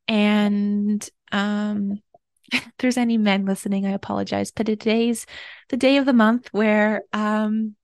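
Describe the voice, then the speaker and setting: A woman hosting her own podcast, talking gently and earnestly through a personal, confessional reflection at home. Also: medium pitch, dry recording, studio quality. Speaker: podcast host.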